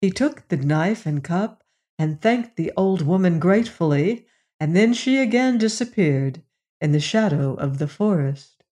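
A storyteller reading a fairy tale aloud in a measured, gently expressive way. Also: mid-range voice. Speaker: narrator.

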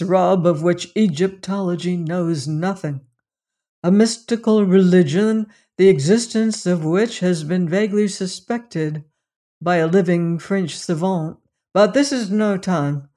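Measured audiobook narrator. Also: mid-range voice, dark tone. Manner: measured, dramatic storytelling. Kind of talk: scripted narration.

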